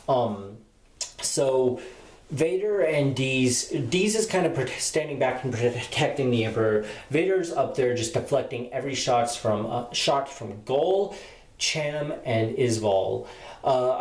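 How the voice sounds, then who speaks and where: A man's voice: mid-range voice, darkish tone. A man giving a casual spoken book review, retelling the plot in a rambling way with many fillers. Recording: roomy echo.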